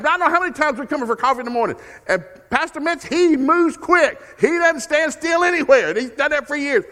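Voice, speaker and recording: A middle-aged man preaching a sermon as a guest speaker. He is folksy and humorous and repeats key phrases. He moves between loud, emphatic preaching and quiet, confiding storytelling. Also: extremely high pitch, expressive, fairly quick, few pauses. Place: church sanctuary. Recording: long hall reverb in a church.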